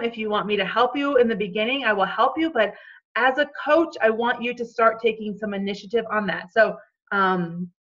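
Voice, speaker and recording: A woman's voice: mid-range voice, a bit bright, highs cut off. A woman coaching her team on a call in a chatty, encouraging way, checking in often with "okay?".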